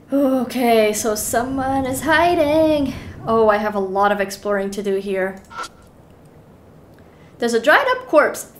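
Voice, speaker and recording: A young woman streaming a horror game, reading the text aloud with animated, giggly reactions between stretches of calm narration. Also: a little high, a little hiss or hum. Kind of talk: reading a horror visual novel aloud while playing.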